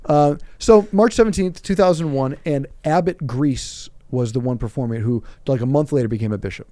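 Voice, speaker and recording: Fast-talking man with a dark voice. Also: mid-range voice, dry recording. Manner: animated, self-deprecating, acts out quotes. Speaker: priest, podcast guest. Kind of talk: casual storytelling conversation.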